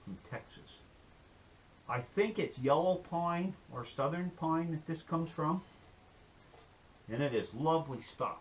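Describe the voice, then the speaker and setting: A man's voice: on the high side, fairly bright tone, a little hiss or hum. A man giving a folksy, rambling demonstration and telling a joke on his channel. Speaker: outdoor-skills YouTuber.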